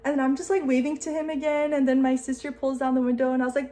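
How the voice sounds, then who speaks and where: A woman in her late twenties vlogs to the camera, telling a story in an excitable, chatty way and saying "like" constantly. Her voice sits high and moves a little fast.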